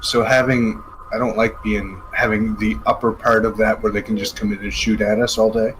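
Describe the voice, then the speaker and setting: A man's voice: lowish voice, little pitch movement, normal speed, background noise. A man playing in a tabletop game, thinking aloud in a hesitant way. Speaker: player. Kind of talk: tabletop game chat over a call.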